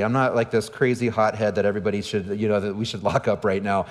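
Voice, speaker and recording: A man's voice: on the low side, fast, few pauses. Candid man preaching in a reverberant hall. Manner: candid, self-deprecating storytelling with humor. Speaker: pastor. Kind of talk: sermon. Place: large church auditorium. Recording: church livestream with long hall reverb.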